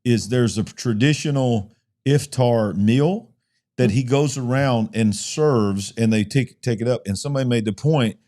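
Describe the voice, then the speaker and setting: A man's voice: medium pitch, measured pace, warm tone. Man hosting a news commentary show. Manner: reads headlines aloud with emphatic asides. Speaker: host.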